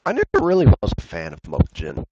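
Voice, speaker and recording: A man's voice: low voice, huge pitch swings, fast talker, mellow, breathy edge, no room sound, highs cut off. A man ranting in a casual podcast chat, swearing a lot. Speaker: podcast co-host.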